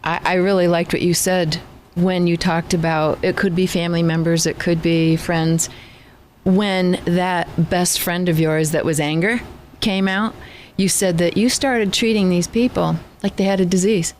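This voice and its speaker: A woman co-hosting an interview, encouraging the guest and adding her own thoughts in a measured way. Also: fairly low pitch, fairly even intonation, darkish tone, slight background noise. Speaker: co-host. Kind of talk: conversational interview.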